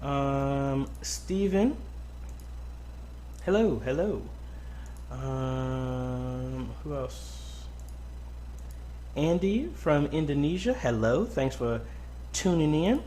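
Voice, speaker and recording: Host voice: easygoing man, unhurried pacing, close boom mic, faint room noise behind. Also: expressive, mellow. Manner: laid-back, greets viewers by name, frequent ums. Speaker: live stream host. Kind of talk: casual live-stream Q&A chat. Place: home studio desk. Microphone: boom-arm mic close up.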